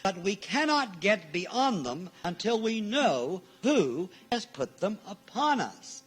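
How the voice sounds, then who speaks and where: High-voiced man preaching emphatically. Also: a bit bright, husky. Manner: emphatic, repeats key phrases, acts out quoted people. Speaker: minister. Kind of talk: sermon. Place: church.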